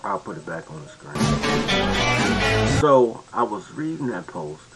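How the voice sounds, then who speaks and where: A man's voice: fairly low pitch, big pitch swings, unhurried, loud music behind the voice, low-quality recording. A man hosting a casual commentary monologue, rambling and slangy with many restarts. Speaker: commentary host.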